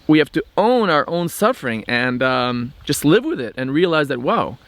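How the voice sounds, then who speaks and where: Brief: male vlog host, slightly high voice, reflective and explanatory, lots of "um"s. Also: sing-song, normal speed, fairly bright tone, no echo. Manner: thoughtful, explanatory, with frequent "um" and restarts. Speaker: channel host. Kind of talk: reflective spiritual vlog monologue.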